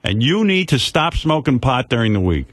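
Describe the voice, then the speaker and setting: Older male radio host, blunt and preachy, animated delivery, dry studio mic. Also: medium pitch, normal speed, no echo. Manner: blunt, lecturing advice. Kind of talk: radio call-in talk.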